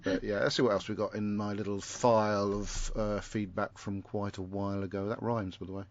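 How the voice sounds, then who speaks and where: A man's voice: fairly low pitch, little pitch movement, fairly quick, lo-fi sound. A man hosting a podcast, reading out listener feedback in a casual, rambling way with chuckling asides and frequent self-interruptions. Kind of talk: casual chat.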